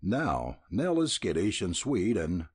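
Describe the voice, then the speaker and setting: Brief: a dreamy lovestruck cowhand, voiced by a male narrator, slow and husky. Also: deep voice, wildly swooping pitch, darkish tone, dry recording, exaggerated voice. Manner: dreamy, rambling. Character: romantic young cowboy, easily smitten.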